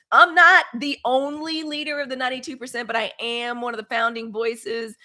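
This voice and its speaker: A Southern-accented woman in her fifties from Mississippi hosts a casual live news stream, talking directly to her viewers. Her voice is medium-pitched, bright and forceful.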